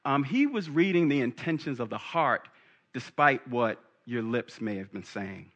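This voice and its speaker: A man's voice: mid-range voice, animated, measured pace, fairly bright tone, lo-fi sound. A man preaching a sermon in a humorous, conversational way, laughing at his own jokes.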